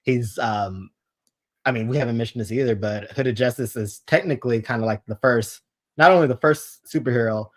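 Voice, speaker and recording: A man's voice: medium pitch, fairly quick. Easygoing man chatting with fillers. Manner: easygoing, filler-heavy, many "like" and "um". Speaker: guest reviewer on a podcast. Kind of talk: casual podcast chat.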